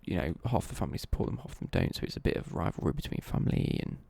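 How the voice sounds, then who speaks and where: A man's voice: deep voice, very animated, rapid-fire, vocal fry, warm tone, breathy edge, no echo. A young man, chatting casually on a live stream, rambling, correcting himself and swearing lightly as he answers viewer questions. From East Midlands, England.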